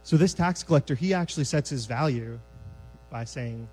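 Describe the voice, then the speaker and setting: A male preacher talks through scripture in a casual, conversational way, with a middle-pitched voice. He acts out the scenes with lively energy. A faint music bed and electrical hum sit under the recording. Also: moderate pace, poor audio. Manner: conversational, animated acting-out of scripture. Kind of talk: sermon. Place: church sanctuary.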